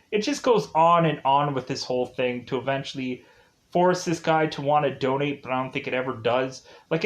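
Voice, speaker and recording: A man casually retelling comedy sketches in a rambling spoken review, full of fillers and bursts of laughter. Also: fairly high pitch. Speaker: show reviewer.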